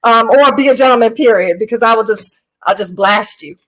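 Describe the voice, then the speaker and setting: Blunt, animated woman, high voice. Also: fairly quick, low-quality recording. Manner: blunt, animated storytelling with Southern slang. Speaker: military veteran. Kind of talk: casual podcast chat.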